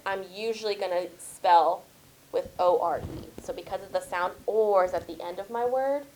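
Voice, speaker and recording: A woman teaches spelling to a small group in a classroom. She stretches words out slowly and thinks aloud as she works, with encouraging praise. There is a faint hiss and some clicking behind her voice. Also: medium pitch, low-quality recording. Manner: slow, drawn-out modeling of words and sounds.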